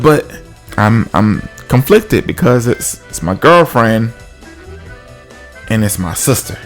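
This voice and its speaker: A man's voice: mid-range voice, animated, unhurried, faint music behind. A man casually telling a comic personal story, acting out the other people's voices.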